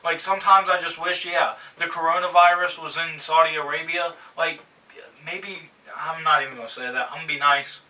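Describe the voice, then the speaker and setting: A man's voice: a little high, fairly even intonation, moderate pace, pushed and bright, far from the mic, poor audio. A man hosting a wrestling review show, talking casually and growing exasperated as he rants. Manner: exasperated, ranting, sarcastic. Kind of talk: casual opinionated commentary.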